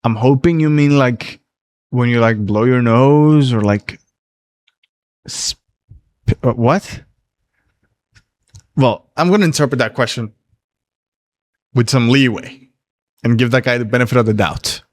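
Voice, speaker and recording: A man's voice: mid-range voice, a little slow, pauses often, no echo. A man coaching on dating during a casual livestream Q&A, reading viewer questions aloud and answering in a blunt, profane, laid-back way.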